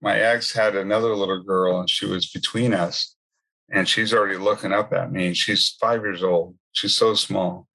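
A man with a low, husky voice tells his faith testimony. He talks in a loose, conversational way and keeps adding asides. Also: fairly even intonation, normal speed, sharp tone. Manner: conversational storytelling with many asides. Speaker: speaker sharing his testimony.

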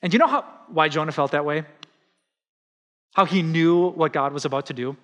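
Animated pastor preaching in a reverberant hall. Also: male voice, fairly high pitch, brisk. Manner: animated, conversational preaching with acted-out quotes. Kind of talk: sermon.

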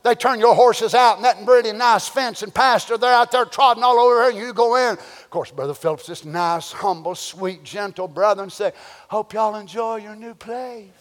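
A man preaching a sermon, swinging between folksy storytelling and shouted, drawn-out exhortation. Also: sits high, steady tone, big-room sound. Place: church sanctuary.

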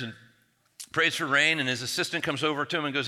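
A male pastor tells a Bible story in a conversational, humorous sermon full of restarts, his voice a little high, animated, bright and forceful, and he talks fast. The church recording has a long reverb.

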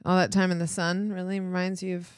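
An American woman with a lowish, smooth and clear voice, trading crude jokes on a casual podcast. Her delivery is playful and loose, recorded dry and close with no room sound. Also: level tone, no room sound. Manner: playful, crude, quick to laugh. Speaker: podcast co-host.

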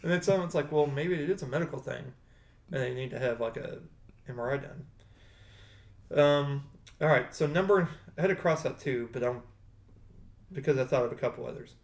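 A man's voice: mid-range voice, moderate pace. Rambling man in an echoey room. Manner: rambling, self-correcting. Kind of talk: casual chat. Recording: roomy echo.

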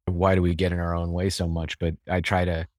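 A man with a very low voice talks as a podcast guest in a reflective, storytelling way. He circles back and restarts phrases as he thinks. The sound is dry and close. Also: monotone, fairly quick, a little mellow, dry recording. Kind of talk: conversational interview.

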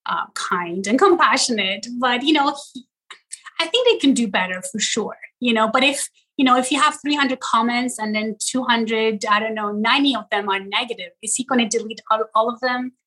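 A middle-aged woman from Iran, a social media creator talking in an interview in an animated way and checking in with the listener as she goes. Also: on the high side, poor audio. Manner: animated, talks in quick bursts and often checks in with "right?". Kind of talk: casual interview chat.

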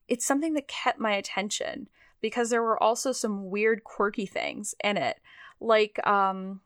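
A woman's voice: on the high side, fairly bright tone, dry recording. Chatty young woman, dry close sound. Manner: chatty, self-deprecating, with frequent restarts. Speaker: podcast co-host. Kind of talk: casual chat.

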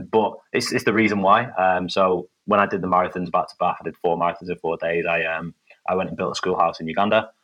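Low-voiced Bolton man, modest and hesitant. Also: fairly bright tone, rough recording. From England. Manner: modest, hesitant, many ums. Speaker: guest. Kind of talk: casual interview. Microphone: remote audio call.

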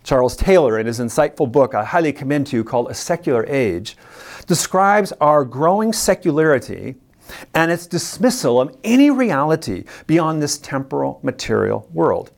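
A preacher teaching a sermon on scripture, speaking emphatically and deliberately. The preacher repeats words for stress and puts questions straight to the listeners. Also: mid-range voice, very animated, gravelly. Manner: addresses listeners directly with questions.

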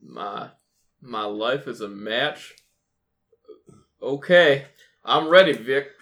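Man player, slow and playful, lively tone, tabletop banter. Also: mid-range voice. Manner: laughing, playful, half in character as a punch-drunk boxer. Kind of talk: tabletop role-play banter.

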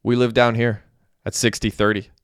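A man's voice: mid-range voice, little pitch movement, normal speed, clean tone, no echo, clean studio sound, close to an everyday voice. A man reading a novel aloud, voicing a casual, wisecracking young man who is awkward but cocky.

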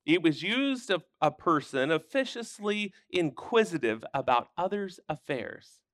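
A man's voice: on the high side, sing-song, a little slow, fairly bright tone, dry recording, studio quality. A man teaching a Sunday school Bible lesson, explaining scripture with emphatic bursts.

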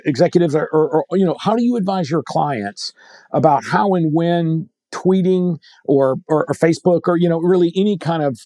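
A man's voice: a little high, warm tone, no echo, studio quality. A man hosting a podcast, asking long rambling questions with many restarts. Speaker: podcast host. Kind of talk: conversational interview.

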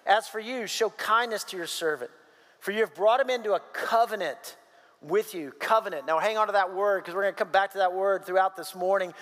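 A man preaching a sermon, reading scripture and acting out the voices of the story with animated, casual asides. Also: high voice, fairly quick, big-room sound. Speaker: pastor.

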